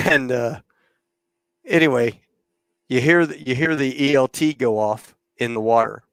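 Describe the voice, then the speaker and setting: A man's voice: mid-range voice, measured pace, a bit bright, no room sound. A man in his fifties, a former military pilot and podcast host, telling a rambling story casually, laughing often and swearing freely.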